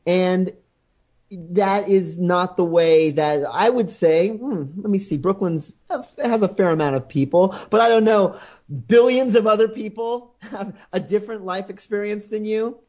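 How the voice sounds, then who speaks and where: Podcast guy, wry, kinda halting, keeps restarting his sentences. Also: sits high, a little mellow. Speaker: podcast co-host. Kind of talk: casual podcast chat.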